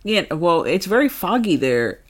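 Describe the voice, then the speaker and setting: A man co-hosting a podcast, rambling and joking about a movie, his voice jumping up when he gets excited. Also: a little slow. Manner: rambling, jokey, swings into excited highs. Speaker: podcast co-host. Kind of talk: casual movie discussion.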